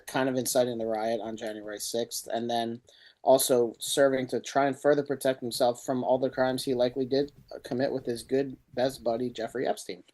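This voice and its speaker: A man's voice: medium pitch, a little mellow. A man co-hosting a podcast, rambling casually and searching for words as he talks. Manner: rambling, loses words, laughs at himself. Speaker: podcast co-host. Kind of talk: casual chat.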